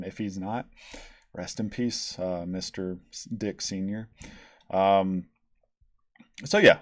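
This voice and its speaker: A man's voice: on the low side, a little mellow, no echo, studio quality. A man hosting a casual, profane album review, rambling and sarcastic, with many ums and restarts. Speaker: podcast host reviewing albums.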